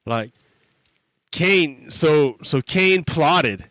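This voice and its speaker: A man's voice: a little high, expressive, drawn-out words, fairly bright tone, no room sound, muffled recording. A man streaming, retelling stories in a rambling, profane way full of restarts. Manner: rambling, profane, self-correcting. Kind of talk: casual rambling storytelling.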